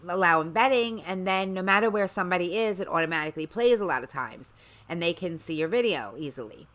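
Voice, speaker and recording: A woman's voice: mid-range voice, bright, forceful tone. A woman hosting a livestream, chatting casually in a rambling way with sarcastic asides. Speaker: livestream host.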